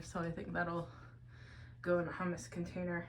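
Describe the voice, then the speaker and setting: Woman vlogger, weary and a bit breathless, lowish voice, rambling chat, faint hiss in the background. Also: monotone, moderate pace, low-quality recording. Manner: soft, meandering, many fillers. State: tired, out of breath. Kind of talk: casual plant-care vlog. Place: home among houseplants, indoors.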